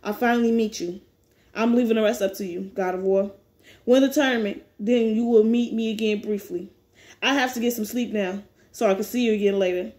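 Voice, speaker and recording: A frail old grandfather says his quiet goodbyes, read by a woman acting out a webcomic. His voice is soft and lowered, yet it still sits rather high for an old man. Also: fairly even intonation, brisk, lightly acted. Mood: tender farewell. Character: frail dying old grandfather, gentle and apologetic. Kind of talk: reading a webcomic aloud with voices.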